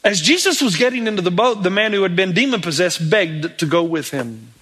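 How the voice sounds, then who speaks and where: A middle-aged man preaching a sermon as a pastor, animated, acting out the pleading voices of people in the story. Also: high-pitched, a little fast, slightly rough.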